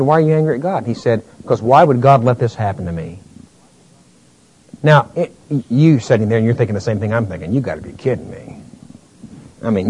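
A male pastor preaching a sermon, climbing to near-shouts and then falling to a low, slow delivery. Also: breathy edge, rough recording.

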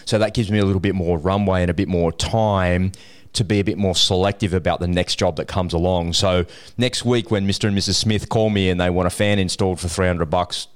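Aussie bloke hosting a podcast, really deep voice, laid back and chatty. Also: male voice, brisk, smooth. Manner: chatty storyteller, relaxed and encouraging. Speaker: podcast host. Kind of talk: casual business podcast chat.

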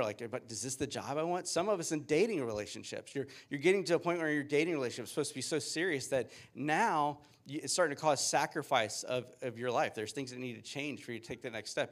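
A man in his thirties, a pastor giving a sermon with upbeat, joking storytelling. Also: mid-range voice.

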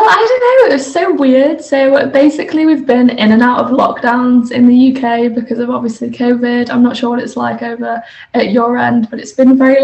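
A woman's voice: fairly high pitch, vocal fry, a little mellow, muffled recording. A nineteen-year-old woman with a Yorkshire and Lincolnshire accent, chatting as a podcast guest and filling her talk with "like". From England. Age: teens. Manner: chatty, many fillers like "like". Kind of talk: casual chat. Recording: roomy echo.

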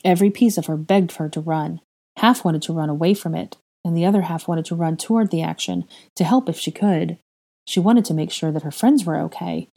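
A woman reading a story aloud, narrating calmly and lifting her voice sharply when characters cry out. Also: on the low side, a little fast, vocal fry. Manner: emotional, raises voice sharply for dialogue. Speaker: fan fiction reader.

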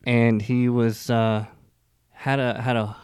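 A man with an ordinary mid-range voice, recorded close and dry. He tells stories in a relaxed, rambling way, full of fillers and self-corrections. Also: medium pitch, takes it slowly, smooth, no room sound. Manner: loose rambling joke-telling with many fillers and restarts. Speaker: podcast co-host telling his faith story. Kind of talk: casual conversational storytelling.

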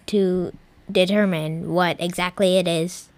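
A woman's voice: lowish voice, fairly even intonation, a little slow, dry recording. Woman voicing a matter-of-fact talking computer. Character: female computer that becomes a UFO or drone.

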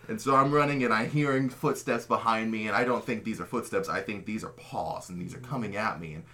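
A man's voice: on the low side, brisk, bright, forceful tone, a little hiss or hum. A man telling a long funny story from his childhood in casual, profane, self-mocking chat. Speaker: podcast host telling a story. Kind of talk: casual storytelling among friends.

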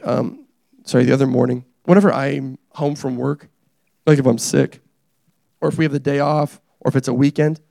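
A young man preaching a casual, energetic sermon, joking and teasing the congregation as he tells stories about his family. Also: medium pitch, gravelly, no room sound, clean studio sound. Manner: animated, joking, self-deprecating. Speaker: pastor.

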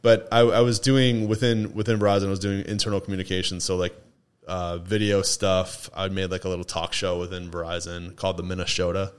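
A man's voice: low voice, flat delivery, fairly quick, clear, resonant tone. A man from Toledo, a podcast guest in casual chat, rambling with restarts and laughs. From Toledo, Ohio. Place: indoors, recorded session with drinks.

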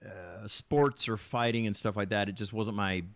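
A man's voice: lowish voice, steady tone, normal speed, a bit bright, dry recording. A man speaking as a podcast guest in casual chat, enthusiastic and talkative, often restarting his sentences. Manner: chatty, enthusiastic, with frequent restarts.

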